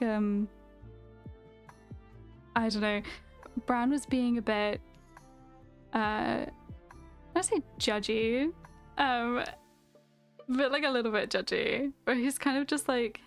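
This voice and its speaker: Slow, giggly woman streamer. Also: on the high side. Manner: rambling, giggly, lots of fillers. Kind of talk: casual chat. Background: lo-fi music.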